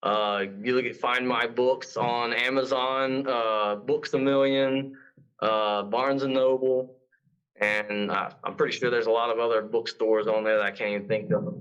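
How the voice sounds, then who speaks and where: Halting male author from Mississippi. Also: medium pitch, steady tone, a bit bright, clear, resonant tone. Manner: halting, searches for words. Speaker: guest author. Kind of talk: casual podcast interview. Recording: dull, muffled audio.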